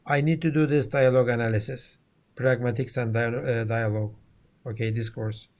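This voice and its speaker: A man's voice: medium pitch, steady tone, normal speed, darkish tone. A man with a Turkish accent giving a university lecture, who often checks in with "okay?" and "right?" and restarts his words. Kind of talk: classroom lecture.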